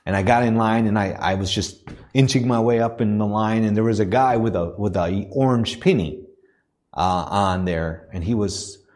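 A deep-voiced man preaching in a church. He tells a personal story earnestly, in halting phrases, then builds into a rhythmic preaching cadence. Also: a little mellow. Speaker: missionary preacher.

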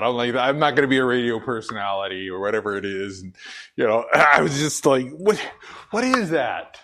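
A middle-aged man with a deep, full radio-style voice, preaching a conversational sermon as pastor with many fillers and restarts. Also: very animated, a little fast, bright, forceful tone.

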